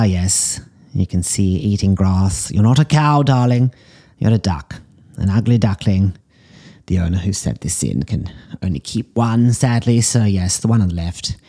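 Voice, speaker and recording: A man puts on an eccentric middle-aged woman pet psychic, delivering a deadpan comedic voice-over. The voice sits very low and dark, gravelly and husky, with breathy murmured asides. She drawls her endearments at the animals. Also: exaggerated voice.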